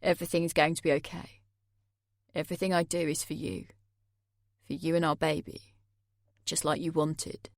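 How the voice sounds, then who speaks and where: A woman voicing a controlling young man who speaks softly and tenderly, with an unsettling possessive edge. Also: little pitch movement, moderate pace, long pauses, no echo, studio quality, lightly acted. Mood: eerily tender. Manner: soft, low, quietly possessive.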